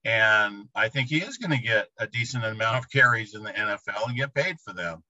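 A man giving a reflective interview answer, often pausing to search for words. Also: fairly low pitch, animated, sharp tone, dry recording, dull audio. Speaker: interviewee recalling an athlete.

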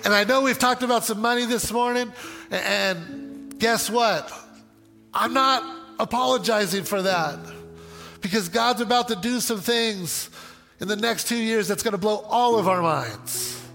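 A male pastor preaching a sermon in an animated way, with joking asides. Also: high voice, unhurried, long reverb tail, soft background music.

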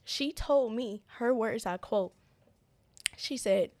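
A young woman telling a personal story as an interview guest. She talks in halting starts and often repeats words in earnest. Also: a little high, darkish tone, dry recording. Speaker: interview guest, business owner.

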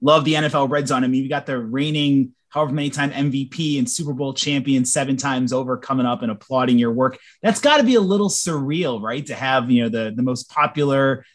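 A man's voice: mid-range voice, brisk, hardly any pauses. A man interviewing a guest in a casual, conversational way.

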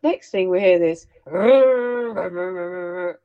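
A middle-aged woman hosting a casual chat, telling family anecdotes in an animated way and laughing along. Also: lowish voice, slow pace, clear, resonant tone, dull audio. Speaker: host sharing family memories.

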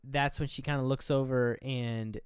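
A man's voice: medium pitch, fairly even intonation, moderate pace, clean tone, no room sound, clean studio sound. A man co-hosting a podcast, casually retelling a film scene by scene in a rambling, profane way. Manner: rambling, profane, acts out scenes in quoted voices. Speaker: podcast co-host. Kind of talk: casual chat recapping a film.

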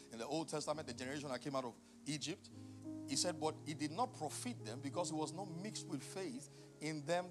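A middle-aged male pastor preaching a sermon, passionate and emphatic, moving from quiet teaching to loud, shouted emphasis. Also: fairly high pitch.

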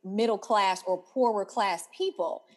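An American woman co-hosting a podcast, relaxed and frank, with casual swearing. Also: medium pitch, unhurried. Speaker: podcast co-host. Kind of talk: casual chat.

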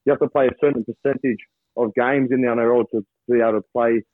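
An Australian man, a rugby league player, chatting as a guest over a call, halting with many restarts. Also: mid-range voice, level tone, dry recording. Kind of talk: casual interview over a call. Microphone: phone or video call from abroad. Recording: thin phone line, dry.

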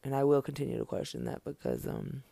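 A man's voice: medium pitch, flat delivery, fast, creaky, mellow, husky, dry recording. A man speaking straight to camera in an impassioned, unscripted monologue, blunt and profane, hammering his points with repeated phrases.

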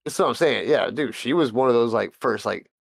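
A man's voice: medium pitch, a little fast, gravelly, dry recording, studio quality. A man co-hosting a podcast, rambling in casual talk full of fillers and swearing. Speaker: podcast co-host. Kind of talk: casual crude banter.

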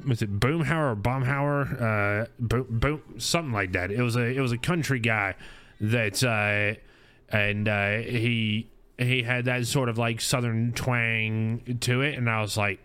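A man's voice: mid-range voice, measured pace, fairly bright tone, clean tone. A man in his thirties hosting a casual recap chat about his stream, rambling with lots of fillers and restarts. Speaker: streamer and podcast host.

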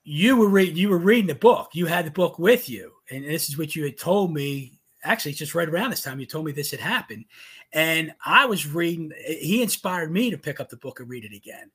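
A middle-aged man with a slightly husky, higher-than-usual voice recounts a family story as co-host. He talks casually and earnestly, animated as he acts out what was said. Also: brisk. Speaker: father and co-host.

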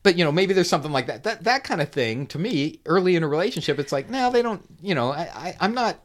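A podcast co-host talks in a casual, expressive way, the voice rising and falling a lot. The manner is teasing and conversational. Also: mid-range voice, fast. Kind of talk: casual chat.

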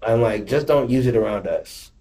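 A man's voice: lowish voice, lively intonation, moderate pace, dark tone. A man hosting a podcast, chatting casually in a laid-back, slangy way about his kids. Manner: laid-back, slangy, laughs while talking. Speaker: podcast host. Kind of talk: casual chat.

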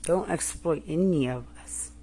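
A woman's voice: deep voice, measured pace, slight background noise. Furious woman in a profane rant. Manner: furious, accusing, repetitive and profane, often yelling. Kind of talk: angry personal rant.

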